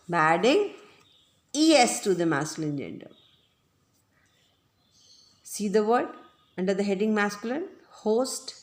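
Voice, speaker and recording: A woman teaching a grammar lesson, speaking slowly and deliberately, repeating her points and checking that her listeners understand. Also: medium pitch. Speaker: English teacher. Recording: echoey room.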